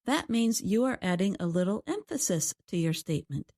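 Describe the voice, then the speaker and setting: Calm woman co-hosting an English lesson. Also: mid-range voice, normal speed. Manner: calm, even, clear explanations. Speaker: co-host and English teacher. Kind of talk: scripted teaching dialogue.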